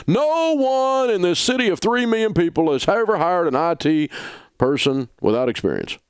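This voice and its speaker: A high, sing-song whine of a self-pitying complainer, put on mockingly by a Southern-accented man. It swoops up and down and lands very dry and close. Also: big pitch swings, moderate pace, clean tone, dry recording. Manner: mocking, exaggerated whining.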